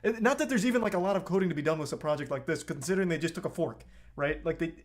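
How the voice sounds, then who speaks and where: A man's voice: fairly high pitch, very fast. A man reacting to a video on a live stream, blunt and profane, getting heated as he talks.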